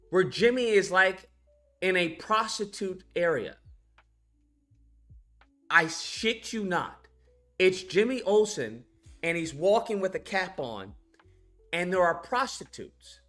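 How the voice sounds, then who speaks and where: A man with a bright, forceful voice gives a loose, profane film rant, full of disbelief and quick laughs. He retells scenes as he talks, with faint music playing underneath. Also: sits high. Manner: incredulous, profane, laughs often, acts out scenes. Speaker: animation channel host reviewing a film. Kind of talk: casual ranting film commentary.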